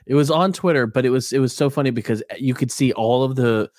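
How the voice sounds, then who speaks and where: A man co-hosting a casual podcast, telling stories with animated indignation. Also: medium pitch, fast, no echo, studio quality. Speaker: co-host.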